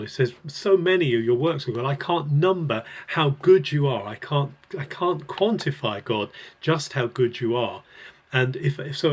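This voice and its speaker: Man, Bible teacher, earnest explanatory devotional talk, mid-pitched voice, unscripted.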